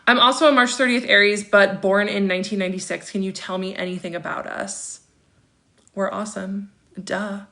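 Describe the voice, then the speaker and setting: A woman in her thirties hosts a casual livestream in a bright, forceful mid-range voice with fairly even intonation and a moderate pace. She reads viewer comments aloud and answers them with chatty asides and frequent laughter.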